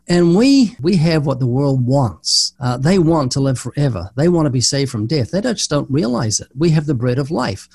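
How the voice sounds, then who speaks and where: An older man who is a guest evangelist answers interview questions and tells stories, animatedly acting out the dialogue. His voice is a little high, creaky, and husky, and he speaks briskly.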